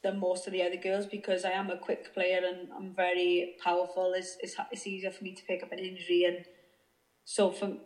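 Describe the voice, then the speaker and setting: A woman's voice: fairly low pitch, monotone, a little fast, darkish tone, roomy sound. A woman in her thirties from Wales, a footballer talking as a guest on a remote call, hesitant with many fillers and restarts. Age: 30s. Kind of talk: remote interview chat.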